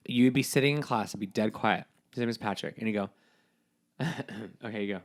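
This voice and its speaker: A man's voice: lowish voice, a little fast. A man co-hosting a podcast, telling stories in a playful, jokey way with frequent laughter. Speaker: podcast co-host. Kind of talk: casual chat.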